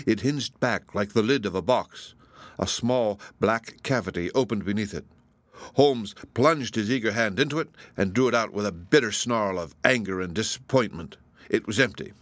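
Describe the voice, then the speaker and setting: A man reading a mystery story aloud in a measured, even narration. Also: fairly low pitch, no echo. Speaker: audiobook narrator.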